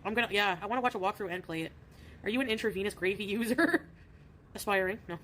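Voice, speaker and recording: A woman chats on a live stream, telling stories and reading comments with easy giggles. Her voice sits at a middle pitch, and faint background noise runs under it. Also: fast, a bit bright. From Canada. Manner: chatty, giggly storyteller. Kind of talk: casual stream chat.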